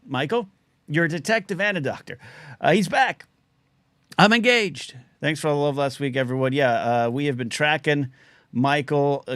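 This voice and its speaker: A middle-aged man hosting a live call-in stream, chatting loosely and reading out chat names, his throat a little scratchy from shouting. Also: a little high, dry recording. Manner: chatty, quick asides, reads out chat names. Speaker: livestream call-in show host. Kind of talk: casual rambling live-stream talk.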